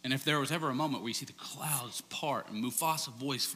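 A man preaching a sermon as pastor, telling stories in a loose, conversational way and dropping to a hush for key points. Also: brisk, few pauses. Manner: conversational storytelling, animated, ends low and hushed. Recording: long reverb of a large hall.

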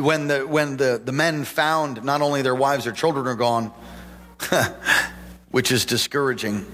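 A man, a pastor, preaching a sermon, often rising into animated exhortation. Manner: animated preaching, climbs in pitch and volume toward exhortation. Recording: long hall reverb, faint background hum.

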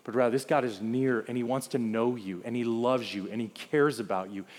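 A man's voice: mid-range voice, steady tone, fairly quick. A man preaching a sermon as pastor, emphatic, building through repeated lists and rhetorical questions. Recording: long reverb of a hall.

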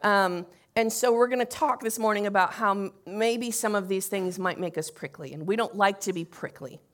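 A woman's voice: mid-range voice, moderate pace. Woman, pastor, conversational sermon, fillers and restarts, church setting. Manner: conversational, with fillers and self-corrections. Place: church sanctuary with congregation.

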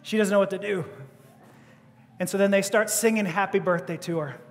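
High-voiced man telling a sermon story. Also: moderate pace, long reverb tail. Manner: animated, acting out quotes, stammering restarts. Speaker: preacher.

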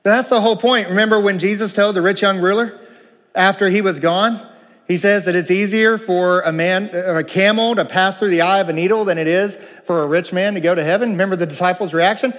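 A man preaching a sermon, emphatic, moving between slow, low passages and raised, urgent ones. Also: fairly bright tone, long reverb tail.

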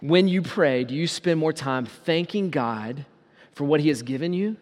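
A man preaching a sermon as pastor, asking the congregation rhetorical questions and slowing down on key words. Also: fairly high pitch, lively intonation, a little mellow, big-room sound.

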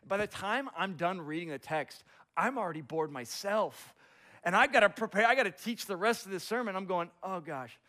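A man's voice: sits high, fairly quick, bright, forceful tone. A man preaching a sermon, reading scripture and telling a self-deprecating story about his early preaching. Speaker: pastor.

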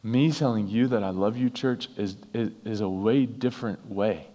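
A man's voice: fairly low pitch, moderate pace, warm tone, highs cut off. A man preaching a sermon to his church, earnest and emphatic, repeating phrases for effect. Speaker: pastor. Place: church sanctuary. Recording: reverberant church hall.

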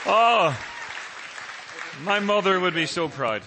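A man's voice: sits high, normal speed, crowd noise, noisy background. A middle-aged man from Ireland with an Irish accent, a guest pastor joking with the congregation at the start of a sermon in a large church. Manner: joking, lively, self-deprecating.

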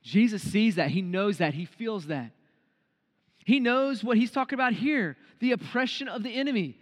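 A man preaching an earnest devotional sermon who slows down to stress key phrases. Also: very high-pitched. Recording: long reverb tail.

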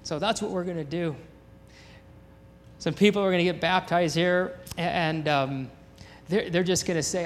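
A man preaching a sermon in a church, animated and excitable, often repeating his words. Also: high-pitched, moderate pace, pauses often, a little hiss or hum. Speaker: pastor. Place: church sanctuary. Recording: long hall reverb in a church.

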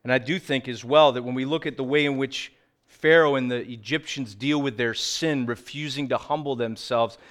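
A middle-aged man preaching a sermon as pastor, earnest, sometimes dropping low and quiet for emphasis, sometimes telling lively stories. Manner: animated storytelling with acted quotes.

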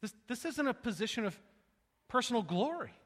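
A man preaching a sermon with passion, swinging between hushed lines and loud ones and often repeating his words. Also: very high voice, very animated, fairly quick. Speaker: pastor. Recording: long reverb of a large hall.

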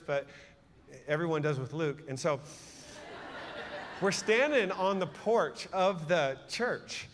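A man's voice: fairly high pitch, a little hiss or hum. Man preaching in an echoing hall. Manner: animated storytelling, swings from loud to hushed. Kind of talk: sermon with storytelling. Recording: long hall reverb.

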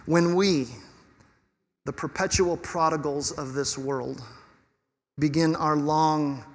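A pastor preaching a sermon in an animated, conversational way with touches of humor. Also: male voice, fairly high pitch, takes it slowly, big-room sound.

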